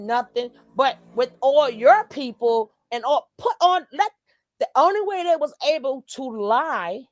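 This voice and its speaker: A woman's voice: sits high, dry recording, studio quality. A woman with a New York accent, hosting a channel and giving blunt, profane, heated reaction commentary. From New York City. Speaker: channel host.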